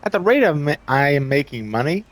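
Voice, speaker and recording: A man's voice: a little high, sing-song, a little fast. A man giving casual, self-mocking let's-play commentary, reacting to the game and swearing now and then. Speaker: gameplay commentator.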